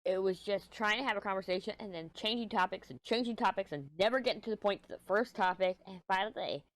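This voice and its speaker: A craft vlogger, this middle-aged Texan woman talks at a quick pace in a mid-range voice with no echo, her Texan accent clear as she crafts. Her casual chat rambles across topics, includes offhand cursing, and sounds a touch stuffy.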